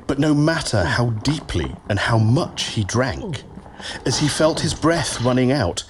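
Man reading a myth slowly, lively pitch, noisy recording. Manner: slow, expressive storytelling. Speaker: narrator. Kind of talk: scripted story narration.

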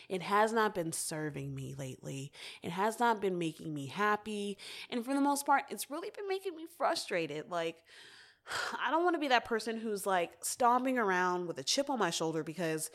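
A woman's voice: medium pitch, expressive, normal speed. A young woman hosting her own podcast, talking candidly and casually, with frequent swearing. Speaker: podcast host. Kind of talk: casual solo podcast talk.

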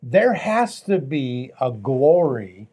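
A man's voice: medium pitch, big pitch swings, takes it slowly, dark tone, slightly rough. A man, a pastor, talking earnestly on a faith talk show, with a preaching tone and repeated phrases.

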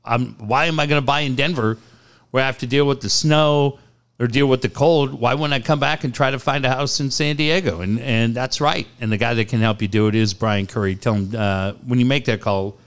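A male radio host in his forties with a smooth, clear voice. He talks bluntly and with animation, swinging through stories and laughing along the way. His everyday register is mid-pitched. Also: fairly even intonation, a little fast, a bit bright. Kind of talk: casual sports talk and live ad reads.

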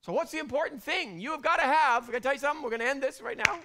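A middle-aged man preaching a sermon, animated, dropping to hushed whispers and rising to loud bursts. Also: very high voice, racing, noisy background. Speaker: pastor.

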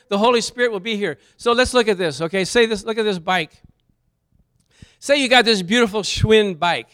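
A middle-aged man preaching a sermon, animated and jokey, asking the congregation questions and bursting into loud praise. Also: high voice, clean tone. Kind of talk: sermon teaching with slides.

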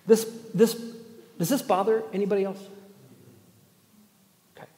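A man preaches with a slightly high voice that rings through a roomy hall. His sermon builds through pointed rhetorical questions and a touch of dry sarcasm. The long reverb trails behind every line. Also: fairly even intonation, normal speed, mellow. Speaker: pastor. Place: church gathering space.

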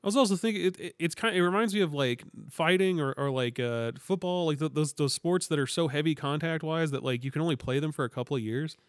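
A man chatting on a podcast with quick, stumbling restarts. He talks briskly in a slightly raised voice. The recording is dry and close, with no room sound. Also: a little high, no room sound. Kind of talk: casual chat.

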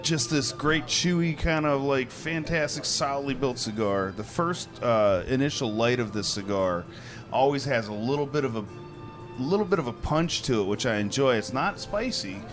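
A man's voice: mid-range voice, lively intonation, normal speed, soft background music. A man co-hosting a casual chat show, talking in an easygoing, enthusiastic way and rambling as he describes things. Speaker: co-host.

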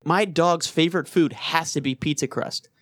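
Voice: mid-range voice, moderate pace, faint music behind. A podcast co-host chatting casually, telling stories with animation and lots of swearing. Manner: animated storyteller, profane, laughs often. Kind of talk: casual chat.

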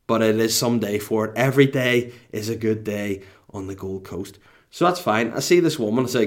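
Middle-aged man, North Down accent; animated, self-mocking comic storyteller with a salty mouth. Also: fairly low pitch, moderate pace. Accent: Northern Irish, North Down. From Northern Ireland. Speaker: podcast co-host.

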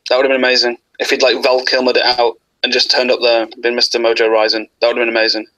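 A man's voice: medium pitch, completely flat delivery, very fast, sharp tone, rough recording. A man joking around as a guest on a casual podcast. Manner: joking, playful.

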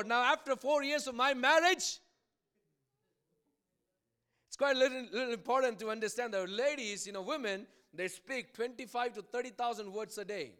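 A man's voice: very high voice, pushed and bright, clean tone. A man, preaching a sermon as pastor, repeating lines and building in intensity. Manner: preaching with rising intensity and repetition.

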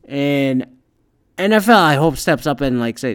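A man's voice: mid-range voice, measured pace, clear, resonant tone, no echo, clean studio sound. A man hosting a solo podcast in a profane, rambling, exasperated rant, sounding tired. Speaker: podcast host.

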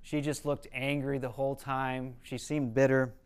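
Smooth-voiced man teaching earnestly. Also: medium pitch, flat delivery, moderate pace. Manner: earnest, explanatory storytelling. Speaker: counselor and teacher. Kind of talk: conversational teaching talk.

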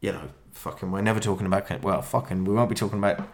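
A man's voice: sits low, racing. A man hosting a casual podcast chat, rambling and swearing freely. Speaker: podcast host.

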